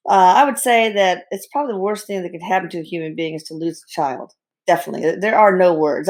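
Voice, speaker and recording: A middle-aged woman tells her story as an interview guest, candid and animated. She speaks frankly and breaks in with blunt humor. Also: mid-range voice. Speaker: guest, bereaved mother and physician.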